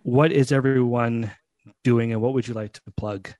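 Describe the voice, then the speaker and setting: A man's voice: mid-range voice, steady tone, moderate pace, darkish tone, dry recording. A man hosting a podcast, chatting casually and joking around. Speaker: podcast host. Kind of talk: casual chat.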